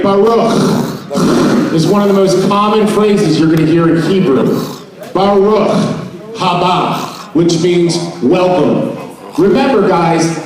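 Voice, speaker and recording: A man's voice: sits high, darkish tone. Joking man echoing in a big hall. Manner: joking, playful, calls on the audience to repeat words. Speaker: presenter at a trade expo. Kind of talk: comedic mock seminar to a live audience. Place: large expo hall with an audience. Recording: echoey hall, voice picked up from far off.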